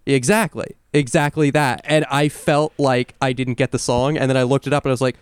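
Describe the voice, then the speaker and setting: A man co-hosting a casual podcast, talking with eager enthusiasm and drifting into long explanations. His voice is smooth and clear. The sound is dry and close, with no room around it. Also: mid-range voice, steady tone, a little fast, no echo. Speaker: podcast co-host. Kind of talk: casual chat.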